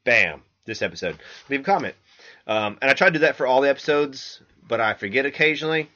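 A man's voice: medium pitch, animated, fast, bright, forceful tone. A man hosting a podcast in a loose, rambling monologue, swearing freely and restarting his sentences, recorded on a laptop microphone. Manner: rambling, loose and profane, with many fillers and restarts. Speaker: podcast host. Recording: dull lo-fi laptop mic.

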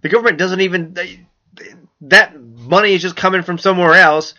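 A man's voice: high-pitched, steady tone, normal speed, sharp tone, highs cut off. A man hosting a solo podcast alone, rambling and self-mocking with lots of ums, restarts and swearing. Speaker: podcast host. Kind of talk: casual solo podcast chat.

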